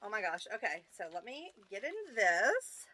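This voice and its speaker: A woman with a rural American accent hosting a casual unboxing video, excitable and gushing as she talks to her viewers. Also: medium pitch, normal speed, a little hiss or hum. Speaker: YouTube channel host. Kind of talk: casual unboxing of fan mail.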